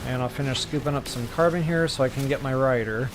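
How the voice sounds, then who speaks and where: A man talking to his viewers in a relaxed, chatty way while he plays a game live. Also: medium pitch, fast talker, slight background noise. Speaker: game streamer. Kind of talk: live gameplay commentary.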